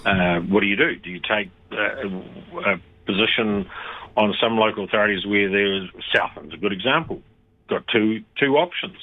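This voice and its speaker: A man, a radio interview guest talking over the phone in a measured, critical way with thoughtful pauses. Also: on the low side. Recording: tinny phone line.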